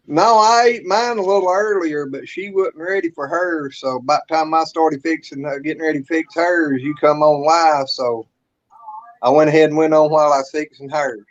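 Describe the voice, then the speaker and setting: A man co-hosting a casual live stream, talking haltingly, repeating words and filling with "you know". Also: fairly high pitch, highs cut off. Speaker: co-host.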